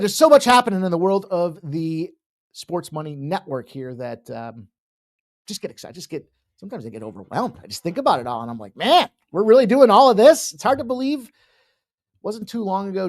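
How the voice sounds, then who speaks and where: A man hosting a sports betting show from his home office, talking casually and excitedly, with sudden loud bursts and quieter asides. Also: on the high side. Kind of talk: casual solo show talk.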